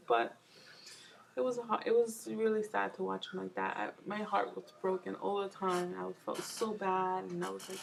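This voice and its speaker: A woman's voice: medium pitch, steady tone, normal speed, gravelly, low-quality recording. A young woman from New York, a mom vlogger, rambling casually to the camera with lots of fillers and restarts.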